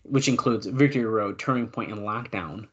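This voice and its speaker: A male podcast co-host in casual chat, reading out old news notes and adding quick asides. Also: on the low side, a bit bright, muffled recording.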